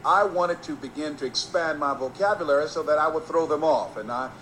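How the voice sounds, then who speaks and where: A man from Miami giving a storytelling motivational speech, emphatic and rhythmic, slowing down to stress key phrases. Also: on the high side, fairly bright tone, a little hiss or hum, poor audio. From Miami, Florida. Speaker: motivational speaker.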